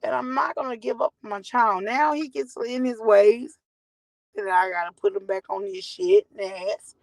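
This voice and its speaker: A woman's voice: mid-range voice, steady tone, moderate pace, vocal fry, no echo, rough recording. A woman in her forties, a mother talking candidly to her viewers in a blunt, rambling way and swearing freely. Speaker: mother telling her story. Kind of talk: candid direct-to-camera talk.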